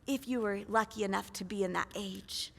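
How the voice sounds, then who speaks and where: A woman's voice: mid-range voice, moderate pace, vocal fry, fairly bright tone, slightly rough, in a large hall. A woman preacher retelling a scripture story in a conversational sermon, full of rhetorical questions. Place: church.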